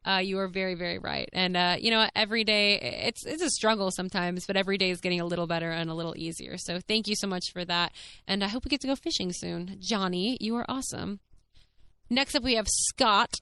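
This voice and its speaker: A young adult woman hosting her own podcast, chatting candidly and reading listener comments aloud, full of fillers and quick laughs. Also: mid-range voice, fairly even intonation, pushed and bright, clear, resonant tone, dry recording. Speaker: podcast host.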